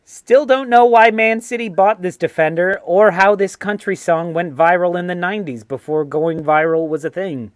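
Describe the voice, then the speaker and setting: Playful quizmaster with a dry sound. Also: male voice, high voice, moderate pace, hardly any pauses, no echo. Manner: playful, teasing. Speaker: trivia quizmaster and show host. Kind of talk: casual fan-show banter.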